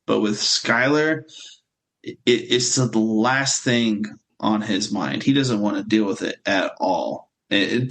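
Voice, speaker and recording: A man co-hosting a podcast, chatting in a relaxed and agreeable way about a TV episode. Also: lowish voice, vocal fry. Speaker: podcast co-host. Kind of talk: casual TV recap chat.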